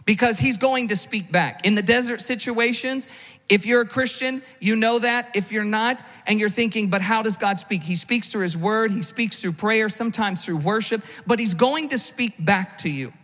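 A man's voice: high-pitched, normal speed, a bit bright, long reverb tail. A man preaching a sermon as pastor, conversational, with rhetorical questions and frequent restarts. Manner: repeats words when restarting.

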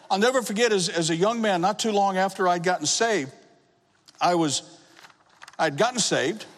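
High-voiced preacher in a reverberant hall. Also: male voice. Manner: emotional testimony, rising to shouts. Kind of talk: sermon.

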